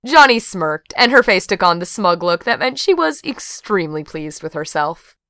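Woman narrating an audiobook, smooth and low. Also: very animated, moderate pace, bright, forceful tone, dry recording, clean studio sound.

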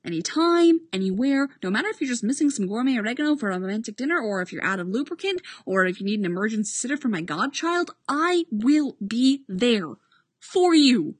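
A woman's voice: a little high, very animated, normal speed, no room sound, voice pushed up. A woman voicing an emotional, overeager man who gushes with sincere affection for his friends. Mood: gushing. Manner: effusive, breathless sincerity.

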